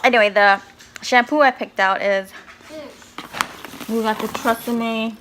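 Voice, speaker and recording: Chatty young mom vlogger, rambling and laughing, handheld camera, clear background noise. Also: female voice, a little high, fairly even intonation, measured pace. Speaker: vlogger, mother. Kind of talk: casual vlog talk to camera. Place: stores and home, in and out of doors.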